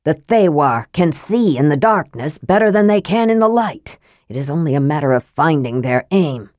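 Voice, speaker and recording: Gruff old dwarf, dour and growling, low-voiced storybook role, played by a woman narrator. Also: expressive, moderate pace, a little mellow, no room sound, studio quality. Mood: grim.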